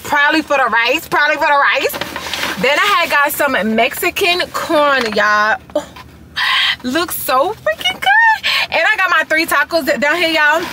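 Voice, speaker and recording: A woman's voice: high voice, moderate pace. Chatty young woman vlogging to her phone. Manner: chatty, animated, says "y'all" constantly. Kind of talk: casual vlog chat to camera. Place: indoors, room with loud air conditioner. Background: air conditioner hum.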